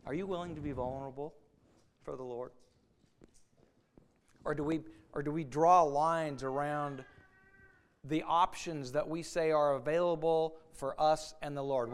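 A man's voice: a little high, moderate pace, long pauses. A man preaching a sermon, earnest, often repeating words and acting out the voices of doubting people.

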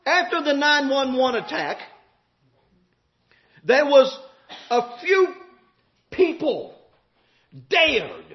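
A man preaching a sermon, impassioned and shouting at times, drawing out emphatic phrases. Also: extremely high pitch, very animated, very slow, long pauses. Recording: echoey, dull hall recording.

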